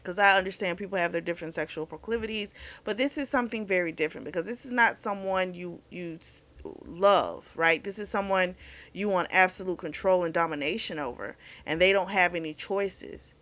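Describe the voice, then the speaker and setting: Woman host, casual book recap, chatty and frank, bright tone. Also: on the low side, a little fast. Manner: candid and chatty, recounting the plot with frank opinions. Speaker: book review channel host.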